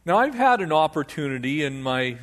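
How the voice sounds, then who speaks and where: An older man preaching an expository sermon in an animated, conversational way, often restarting his sentences. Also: on the high side, a little fast. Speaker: pastor.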